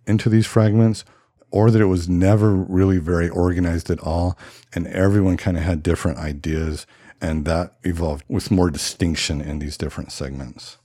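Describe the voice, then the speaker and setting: A man's voice: sits low, mellow, dry recording, clean studio sound. A man talking in a reflective, thoughtful monologue, hedging and musing aloud as he explains ideas. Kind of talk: reflective monologue on religious history.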